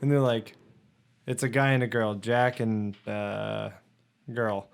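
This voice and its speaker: A young man on a podcast, telling stories casually in an animated way, and high while he talks. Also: slow pace, gravelly, clear, resonant tone. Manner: animated storytelling, laughing. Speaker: podcast co-host. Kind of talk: casual chat.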